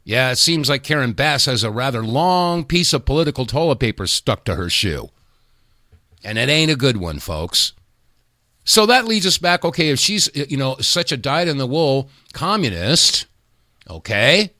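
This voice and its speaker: A man hosting a talk radio show in a folksy, emphatic way, his pitch swinging up and down a lot. The sound is dry and close, with no room echo. He leans on his words and speaks straight to the listeners. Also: big pitch swings, moderate pace, pushed and bright.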